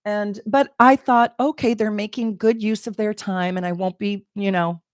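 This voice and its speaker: A middle-aged woman, an astrologer, telling a personal story in an animated, emotional way, laughing and exclaiming. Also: medium pitch, normal speed, no echo, clean studio sound. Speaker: astrologer and channel host. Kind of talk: casual personal storytelling to camera.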